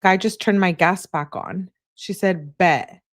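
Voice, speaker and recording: A woman's voice: fairly low pitch, unhurried, no echo, clean studio sound. A woman hosting a true-crime channel, reading text messages aloud and adding chatty asides between the lines.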